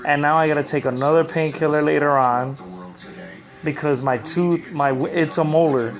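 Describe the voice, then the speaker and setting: Gravelly man rambling through pain. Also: a little high, fairly even intonation. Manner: rambling, halting, repeats words. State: in pain after oral surgery, swollen cheek. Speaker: vlogger on a live stream. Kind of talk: casual live-stream chat. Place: lying in bed at home. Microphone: phone camera.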